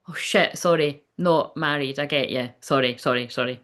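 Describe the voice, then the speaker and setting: A woman's voice: low voice, normal speed, fairly bright tone. A woman hosting a medium's live stream in a rambling, candid way, reading viewer comments aloud and swearing freely. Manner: rambling, candid, swears freely, often asks "do you know what I mean".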